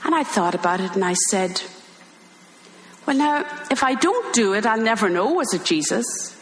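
An older Irish woman, a religious sister, telling an animated story and acting out the voices in it. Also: medium pitch, normal speed. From Ireland. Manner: animated, acts out quoted voices, laughs while telling. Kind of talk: storytelling talk. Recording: echoey hall with long reverb.

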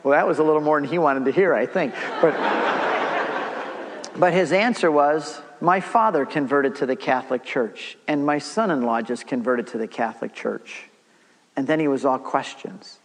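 Middle-aged male church speaker, animated storyteller, fairly high voice, big reverberant hall. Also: moderate pace. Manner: animated storyteller, acts out dialogue. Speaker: Catholic speaker giving a talk. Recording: long reverb of a large hall.

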